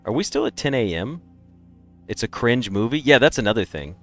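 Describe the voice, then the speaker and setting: A man's voice: medium pitch, big pitch swings, fairly quick, soft background music. A man streaming a game, chatting casually and rambling through opinionated takes. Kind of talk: casual live-stream chat.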